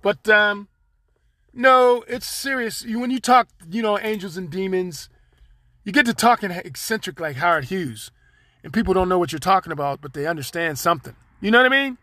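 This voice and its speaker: Give me a man with a sharp, bright voice clowning around on a solo podcast, recorded dry and close. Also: high-pitched, normal speed, no room sound. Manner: rambling, joking, talks straight to listeners; loose slang, profanity. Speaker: podcast host. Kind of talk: casual solo monologue.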